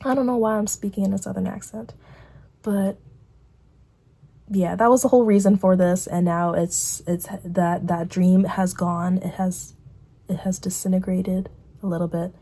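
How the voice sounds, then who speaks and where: A woman's voice: on the low side, level tone, measured pace, gravelly, dark tone. A young woman vlogging casually, rambling through a catch-up and quoting herself with put-on voices.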